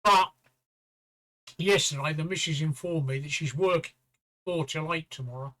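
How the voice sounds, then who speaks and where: A man's voice: on the high side, moderate pace, pushed and bright. A man in his fifties or sixties co-hosting a casual livestream, telling stories bluntly and swearing freely. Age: 50s or 60s. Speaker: stream co-host.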